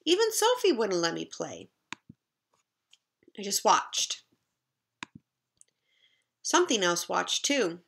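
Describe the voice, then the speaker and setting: A woman teacher reading a chapter book aloud to young children in a slow, expressive storytelling way. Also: mid-range voice, vocal fry.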